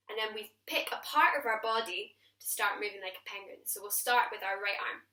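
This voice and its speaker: Bright-voiced woman leading vocal warm-ups. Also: on the high side, moderate pace, few pauses. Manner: encouraging, sings demonstration lines for the viewer to copy. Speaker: singing teacher.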